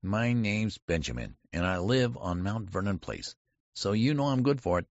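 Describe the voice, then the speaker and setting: A man reading an audiobook voices a small boy who is really an old general, shrill, indignant and commanding. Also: lively intonation, racing, a little mellow, dry recording. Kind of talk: audiobook character voice. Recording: dry, slightly dull recording.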